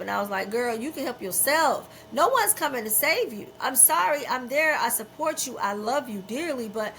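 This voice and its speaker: A woman's voice: fairly high pitch, animated, moderate pace, gravelly, a bit bright, slight background noise, low-quality recording. A middle-aged woman hosting a podcast, talking in a candid, emphatic and unfiltered way, often repeating herself for weight. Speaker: podcast host.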